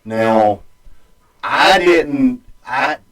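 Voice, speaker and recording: A man's voice: medium pitch, expressive, a crowd in the background. A man spins a long story in a casual, rambling way. He stops and restarts often, and his voice rings around a roomy space, heard from some way off the mic. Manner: rambling, halting, with many restarts and fillers. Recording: echoey room, distant mic.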